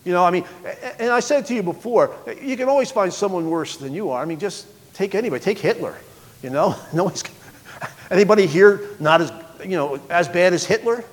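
A man preaching a sermon, reading scripture aloud with sharp swings between loud, high bursts and quiet, low passages. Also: lively intonation, a little fast, big-room sound. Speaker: pastor.

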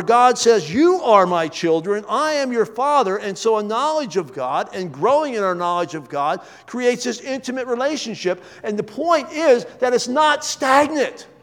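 A middle-aged male pastor preaches a sermon in a high-pitched voice, lifting his voice for emphasis and dropping to quiet asides. His words ring out with a long reverb trail. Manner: preaching with wide swings between raised emphasis and quiet asides.

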